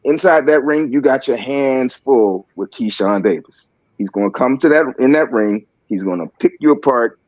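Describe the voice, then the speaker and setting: A man's voice: medium pitch, animated, a little mellow, dry recording. Baltimore guy on a sports stream, lots of ums and restarts, dull lo-fi audio, dry. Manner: halting, filler-heavy, joking. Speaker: panelist on a sports talk stream. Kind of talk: casual sports chat.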